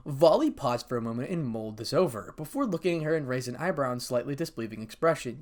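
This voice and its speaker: A man narrating a fan fiction story, reading quickly with small slips. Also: medium pitch, animated, darkish tone.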